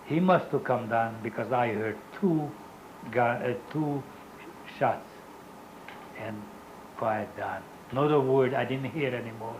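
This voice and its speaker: Slow, halting older man. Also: medium pitch, slight background noise, rough recording. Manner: halting, searching for words, frequent restarts; non-native English phrasing. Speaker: Holocaust survivor giving testimony. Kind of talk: recorded oral history interview.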